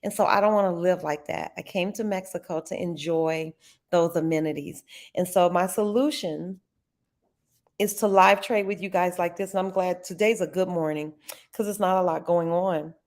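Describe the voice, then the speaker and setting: A woman's voice: on the low side, normal speed. Chatty woman hosting a trading stream. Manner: chatty and expressive, talks to chat as y'all. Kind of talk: casual live-stream chat.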